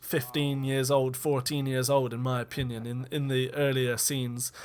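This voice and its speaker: A man's voice: medium pitch, level tone, normal speed. A man giving a casual, rambling commentary as a film director, candid and self-deprecating, with frequent ums and restarts.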